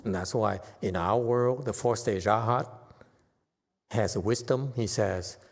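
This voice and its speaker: Slow-talking man teaching in a reverberant hall. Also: fairly low pitch, creaky. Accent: Chinese. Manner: slow, conversational teaching with frequent "okay?" checks. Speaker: Buddhist meditation teacher. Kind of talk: Dharma talk with audience questions.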